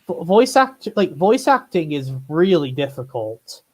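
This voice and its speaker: A man co-hosting a podcast, chatting casually in a relaxed, agreeable way, often filling pauses with "like". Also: fairly high pitch. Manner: relaxed, agreeable, lots of fillers like "like". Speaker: podcast co-host. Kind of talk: casual chat.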